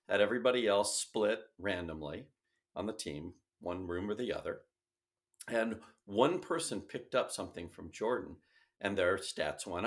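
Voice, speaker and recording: A middle-aged man in a conversational interview, telling stories and acting out quoted dialogue with big jumps in his voice. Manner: animated storyteller, acts out quoted dialogue with big pitch jumps. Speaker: sales company founder, guest.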